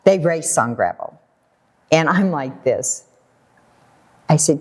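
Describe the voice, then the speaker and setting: An American woman telling a personal story in a casual talk, animated and laughing often while she acts out what people said. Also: low voice, measured pace, pauses often. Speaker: guest storyteller.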